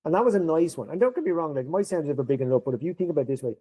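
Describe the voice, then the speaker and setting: Racing through his words, a middle-aged Irish podcast guest with a slightly rough, highish voice tells an anecdote and animatedly acts out the lines of those involved. Poor audio.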